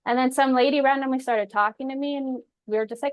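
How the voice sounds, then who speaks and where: A young woman hosting a webinar, telling her personal story in a chatty, animated way. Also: sits high, fast, no echo, dull audio. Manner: chatty and animated, acts out quoted voices. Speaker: intuitive healer hosting a webinar.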